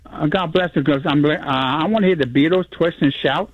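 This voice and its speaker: A man's voice: a little high, moderate pace, dry recording. Older male caller on a dull phone line. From New York.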